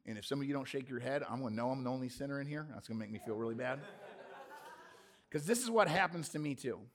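A man pastor preaching a lively sermon to a live congregation, with punchy rhetorical questions and jokey asides. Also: mid-range voice, fast. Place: church before a congregation.

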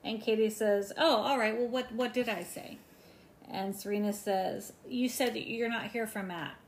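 A young woman co-hosting a casual recap chat, talking fast and acting out the quotes she retells. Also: a little high, fairly even intonation. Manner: chatty, acts out quotes with emphasis. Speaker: podcast co-host.

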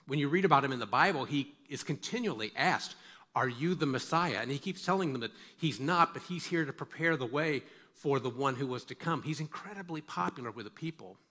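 A male pastor delivering a sermon with a bright, forceful tone. He preaches emphatically, repeats words for stress and puts questions straight to his listeners. His voice sits at an ordinary pitch for a man. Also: animated, brisk, few pauses. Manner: asks listeners direct questions.

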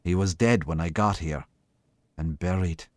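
A man reading aloud, voicing a weary, burly middle-aged police sergeant who speaks in a flat, terse, grim way. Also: low-pitched, unhurried, no echo. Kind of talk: reading a short story aloud.

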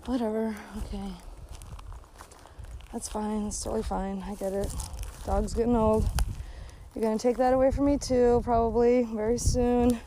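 A woman's voice: a little high, little pitch movement, normal speed, pauses often, warm tone, a little hiss or hum, low-quality recording. Profane, sarcastic woman ranting outdoors. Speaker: vlogger. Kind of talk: casual ranting monologue. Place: outdoors on a hike by a lake.

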